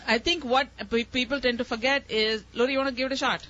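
Over a microphone, a woman quizmaster hosts a live spelling contest in a high, steady, fairly bright voice, talking fast while she patiently explains words and cheers contestants on. The sound is muffled and lo-fi.

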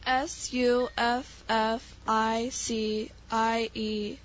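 Woman contestant, slow deliberate spelling, slightly high voice, muffled lo-fi sound, faint ambience. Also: level tone, a little hiss or hum. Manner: hesitant, spells letter by letter. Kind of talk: spelling words aloud.

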